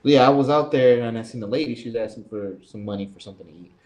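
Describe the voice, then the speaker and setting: A young man talks quickly and heatedly on a casual podcast, piling up swears and acting out what people said. His pitch sits mid-range, and he rushes from one beat to the next. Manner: fast, profane, animated anecdote with lots of reported speech. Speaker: podcast co-host. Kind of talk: casual storytelling chat.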